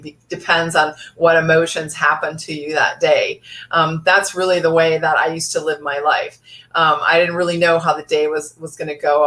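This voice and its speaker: A woman speaking as a life coach in an earnest motivational talk. Her voice sits a little low, and she often pauses on fillers and starts her sentences again. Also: a bit bright. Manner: earnest, frequent fillers and restarts.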